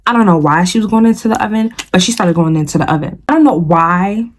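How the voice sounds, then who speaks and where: Talking quickly in a mid-range voice over slight background noise, a young woman vlogger tells a story in casual slang. She addresses her viewers directly and animatedly as "you guys" and "y'all."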